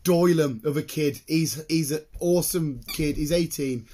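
A man's voice: fairly high pitch, normal speed, dark tone, a little hiss or hum. A man in his late twenties who works in construction, telling stories in casual chat, laughing often and swearing freely. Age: late 20s. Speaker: construction worker.

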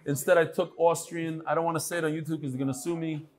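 A man's voice: fairly high pitch, steady tone, fast. A man hosting a casual live stream, greeting viewers by name and teasing them. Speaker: host of a live online talk.

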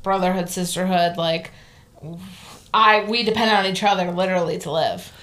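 A woman's voice: on the low side, normal speed, a bit bright. A woman co-hosting a casual podcast discussion, reflecting thoughtfully and searching for her words.

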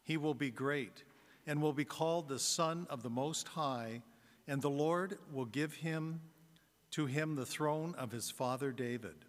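Deacon reading the gospel, slow and steady, church reverb all around. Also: male voice, fairly high pitch. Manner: slow, measured proclamation. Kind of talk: scripture reading.

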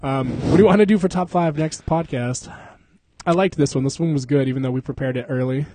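A man's voice: on the high side, fast, dark tone. A young man co-hosting a podcast in casual chat, rambling and profane, laughing often and slipping into silly voices. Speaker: podcast co-host.

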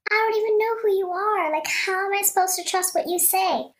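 A woman's voice: very high voice, fairly quick, reverberant, pitched above the performer's own voice. A woman voicing a frightened, defiant young mother who speaks in a pleading, defiant way. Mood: desperate.

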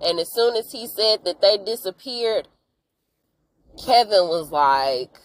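A young woman talks at a natural middle pitch in a relaxed, chatty recap. She tells the story with frank, slangy asides and quick impressions of the characters. A faint hum of room ambience sits underneath. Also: low-quality recording. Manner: acts out characters' lines in quick voices. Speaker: podcast host recapping a TV episode. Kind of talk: casual chat.

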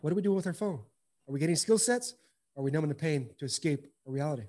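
Earnest high-voiced man telling his story. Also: animated, fast, dark tone, a little hiss or hum. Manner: earnest, impassioned, repeats phrases for emphasis. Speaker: guest, former pro baseball player. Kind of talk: candid interview storytelling.

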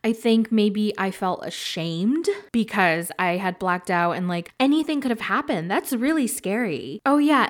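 A woman hosting a podcast, telling candid stories in casual chat with animated, frank delivery and free swearing. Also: mid-range voice. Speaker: podcast host.

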